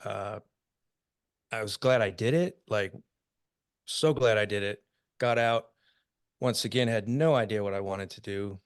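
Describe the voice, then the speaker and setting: A lower-voiced American man in his fifties tells old stories in an easy, chatty way, chuckling as he goes. His voice comes through smooth and resonant. The sound is dry and close. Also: measured pace, pauses often, no echo. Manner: laughs often while telling war stories. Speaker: podcast guest, army veteran. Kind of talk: casual storytelling.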